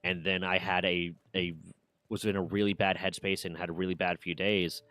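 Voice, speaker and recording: A man's voice: sits low, little pitch movement, moderate pace, bright, forceful tone, no room sound. A man streaming, casually telling a personal story with candid swearing and mock voices for others.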